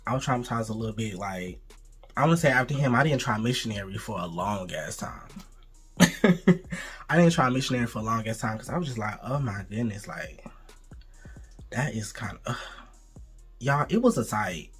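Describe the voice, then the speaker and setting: A man in a casual vlog telling a blunt, profane storytime to his viewers, animated and talking straight to them. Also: medium pitch, fairly quick, slightly rough, soft background music. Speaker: storytime vlogger.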